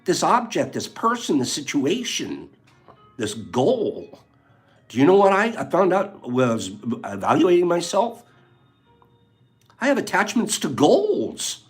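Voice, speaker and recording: A man hosting a reflective spiritual talk, reading passages from a book aloud and mixing in his own animated remarks and soft asides. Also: fairly high pitch, a little slow, faint music behind. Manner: animated, swinging between loud emphasis and soft asides. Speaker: podcast host.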